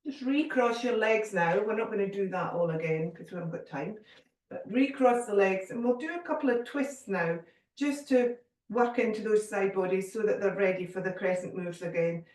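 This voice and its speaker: Woman, yoga teacher, gentle calm cueing, mid pitch, reverberant room. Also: normal speed, distant mic. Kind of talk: guided yoga class instruction. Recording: echoey room, voice from off mic.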